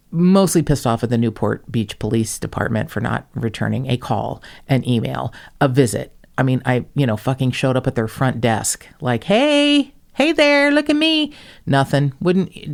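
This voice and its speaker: A woman's voice: rumbling low, gravelly, darkish tone. Profane, self-mocking woman telling stories. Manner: profane, self-mocking storyteller acting out quoted voices. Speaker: podcast host. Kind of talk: casual podcast chat.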